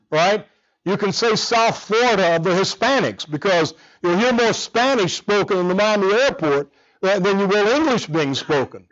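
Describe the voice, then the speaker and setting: A man preaching a sermon as pastor, talking in a conversational, animated way with quiet, earnest stretches. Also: sits high. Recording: dull lo-fi recording.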